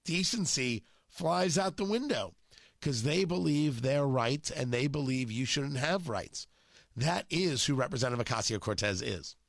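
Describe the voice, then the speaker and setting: A man's voice: medium pitch, animated, normal speed, gravelly, no echo, studio quality. A male talk show host with a cold and a sore throat, delivering an emphatic, mocking political monologue. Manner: emphatic, mocking, punchy phrasing.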